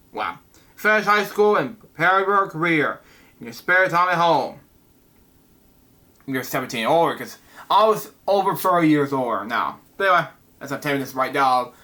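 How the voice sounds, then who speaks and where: A man hosting a comic book review channel, reading the pages aloud in a halting, casual way and dropping frequent "wow"s and "anyways". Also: sits high, bright, forceful tone.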